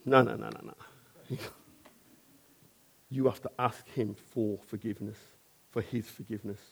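A man's voice: on the low side, fairly even intonation, a little slow, vocal fry, breathy edge. A man, a painter and decorator, earnestly telling a personal testimony in a conversational way and often checking in with his listener.

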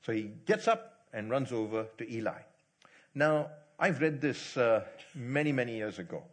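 A man's voice: mid-range voice, big pitch swings, moderate pace. A middle-aged man preaching a sermon to his congregation, telling a Bible story with repeated phrases and acted-out voices. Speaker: pastor.

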